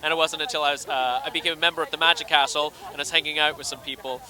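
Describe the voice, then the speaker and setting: A man with a Scottish accent, chatting quickly and animatedly in an interview at a red carpet event. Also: a little high, crowd noise. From Scotland. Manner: fast, animated, acts out quoted voices. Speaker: interviewee, actor and magician.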